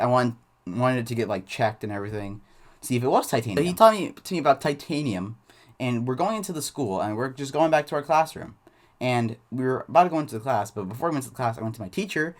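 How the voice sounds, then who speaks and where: A man tells a school story in a loose, rambling storytime way. He fills his sentences with restarts and fillers as he goes. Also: mid-range voice. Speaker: channel host. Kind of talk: casual storytime.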